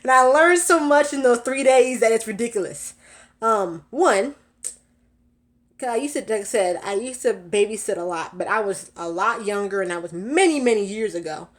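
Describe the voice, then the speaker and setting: A woman's voice: on the high side, animated, normal speed. A young woman vlogging from her car, chatting casually, a little out of breath, with lots of fillers and laughs. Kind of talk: casual storytelling vlog.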